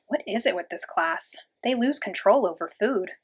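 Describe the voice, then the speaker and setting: A woman's voice: mid-range voice, expressive, normal speed, breathy edge. A woman voicing a confident, blunt schoolgirl who speaks frankly and kindly to a classmate in a storybook reading.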